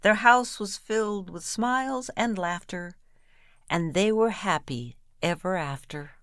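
Woman reciting comic verse, slow and low, dry close sound. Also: fairly bright tone, clean tone, no room sound. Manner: playful, rhythmic delivery. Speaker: reader. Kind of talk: reading comic rhyming verse aloud.

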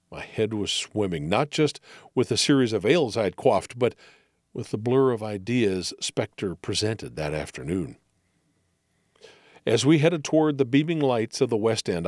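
A man narrating an audiobook of mystery stories in an expressive storytelling manner, close to the mic. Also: medium pitch, dry recording.

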